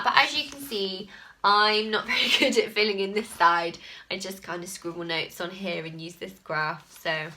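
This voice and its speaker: Bright, chatty woman podcast host. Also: mid-range voice, slight background noise. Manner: chatty and self-deprecating, laughs at herself often. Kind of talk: casual chat.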